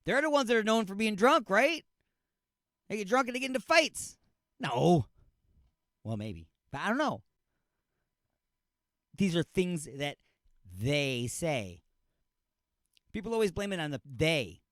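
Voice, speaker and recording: A male radio host with a high voice that swings all over the place as he rants through a comedic monologue. He keeps throwing rhetorical questions at the listener and trips over his own restarts. The voice sounds dry and close, with faint music under it. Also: big pitch swings, a little slow, long pauses, a bit bright, dry recording. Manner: restarts and repeats himself.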